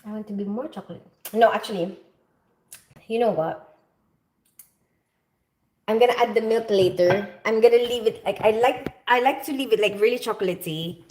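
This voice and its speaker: A woman's voice: medium pitch, normal speed, long pauses, darkish tone, a little hiss or hum. A woman from the Philippines hosting a casual live cooking stream, chatting in a rambling way with many fillers as she cooks. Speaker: livestream cooking host. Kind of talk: casual live cooking chat, reading comments.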